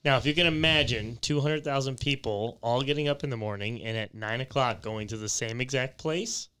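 A man's voice: medium pitch, brisk, pushed and bright, smooth. A man hosting a podcast, telling travel stories in casual chat with frequent laughs. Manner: laughing, rambling storyteller. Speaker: podcast host.

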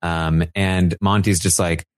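A man co-hosting a podcast, casually recapping events and acting out what people said in animated voices. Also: slow, clear, resonant tone, no echo, studio quality. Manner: animated, acts out quotes in high put-on voices. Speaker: podcast co-host.

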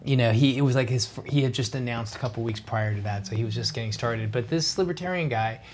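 A man from Louisiana, a radio show host in casual political chat, animated and often restarting his sentences. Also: mid-range voice, quick pace, background noise.

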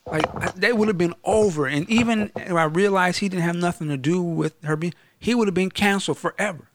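Over a noisy background, a man with a high-pitched voice speaks fairly quickly while hosting a podcast. He reviews a movie in a casual, animated way, using slang and performing quotes from the characters.

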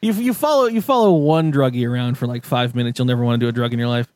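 A man co-hosting a casual podcast, telling stories in a rambling, halting way with frequent laughs. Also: medium pitch, a little mellow, no echo. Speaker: podcast co-host. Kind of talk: casual chat.

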